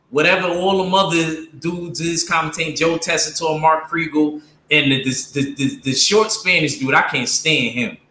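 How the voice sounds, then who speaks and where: A man's voice: mid-range voice, sharp tone, reverberant, slight background noise. A man giving blunt, opinionated boxing commentary to his viewers, casual and slangy, with lots of fillers. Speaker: streamer talking boxing with viewers.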